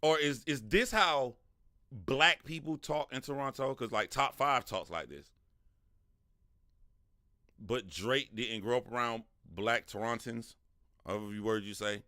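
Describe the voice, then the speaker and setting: A man's voice: mid-range voice, unhurried, pauses often, sharp tone, no room sound, clean studio sound. A man hosting a casual livestream and commenting animatedly, talking back to his chat and laughing often. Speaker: livestream host.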